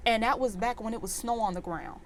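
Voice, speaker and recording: A woman's voice: on the high side, brisk, slight background noise. Exasperated young woman ranting a story. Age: 20s. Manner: animated, exasperated ranting with lots of fillers. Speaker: vlogger. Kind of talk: storytime vlog.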